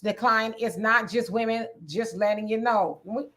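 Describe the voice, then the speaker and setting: A woman's voice: on the high side, normal speed, fairly bright tone. A woman hosting a casual livestream, reading viewer comments aloud, greeting people by name and laughing often. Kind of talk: casual live chat.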